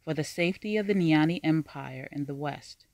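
A narrator voicing a young woman who serves as a court storyteller, speaking calmly and solemnly. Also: medium pitch, moderate pace, no echo, lightly acted. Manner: calm, solemn.

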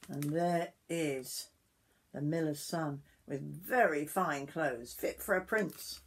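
An older woman reading a picture book aloud to children, gentle and stopping to point at the pictures. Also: low-pitched, takes it slowly, breathy edge. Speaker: storyteller grandmother.

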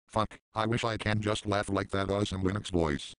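A man with a very low, smooth, resonant voice, recorded dry and close. He delivers mocking commentary in a deadpan, sarcastic and profane way. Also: normal speed, no echo. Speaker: commentary channel host.

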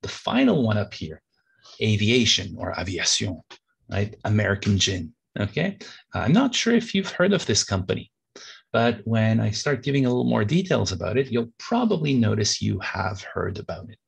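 A man's voice: on the low side, very animated, normal speed, gravelly, husky. A man giving a business lecture in an explanatory way, with frequent fillers. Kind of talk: recorded lecture.

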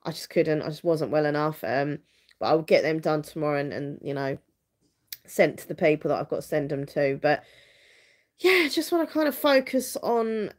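Chatty woman, low voice. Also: animated, moderate pace. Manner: rambling, frequent restarts and fillers, open and earnest. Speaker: vlogger hosting a livestream. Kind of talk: casual livestream chat.

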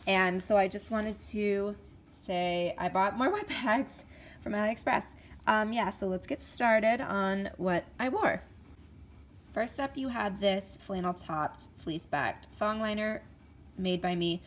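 A woman's voice: mid-range voice, slow. A woman chatting casually to camera in a show-and-tell vlog, stumbling over names and filling gaps with ums. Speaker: vlogger.

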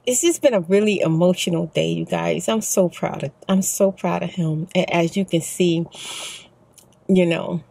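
A middle-aged woman with a Texan accent, talking softly and at length in her parked car, exhausted and emotional, in a rambling soft-spoken vlog. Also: on the low side, normal speed, creaky, breathy edge. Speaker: ASMR vlogger.

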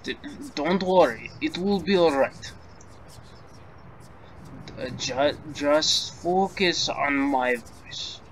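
A man voicing a calm male mentor in a game he reads aloud, soothing and gently teasing. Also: fairly high pitch, drawn-out words, long pauses, slight background noise. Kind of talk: game dialogue read aloud.

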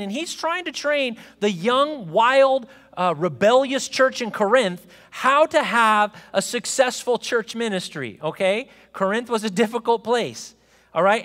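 A man with a notably high voice preaches to his congregation, chatty one moment and emphatic the next, often asking "okay?" His words ring out with the long reverb of a church hall. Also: fairly bright tone. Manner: conversational preaching with frequent "okay?" check-ins; rising to emphatic proclamation. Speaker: pastor. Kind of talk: sermon. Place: church sanctuary.

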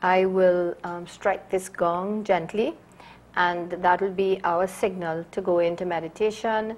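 Soft, breathy-voiced woman host. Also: lowish voice, fairly even intonation, takes it slowly. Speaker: TV program host. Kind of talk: hosting and leading meditation.

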